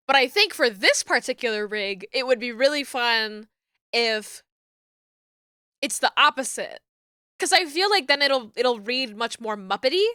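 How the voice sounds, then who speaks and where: Young woman streamer chatting away, kinda high bright voice, laughs a lot, lots of ums. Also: clean tone, dry recording, clean studio sound. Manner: chatty and excitable, laughs often, many fillers. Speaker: streamer rigging an animated model. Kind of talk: casual live-stream chat.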